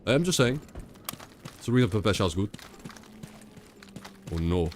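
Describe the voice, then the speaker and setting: A man's voice: fairly low pitch, sing-song, unhurried, a little hiss or hum. A young man streaming a video game, rambling and sarcastic, often repeating himself. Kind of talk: casual gameplay commentary.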